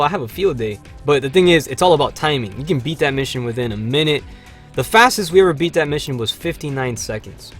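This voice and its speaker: A man hosting a livestream, chatting casually over gameplay with lots of fillers and sudden excited shouts. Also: mid-range voice. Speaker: livestream host.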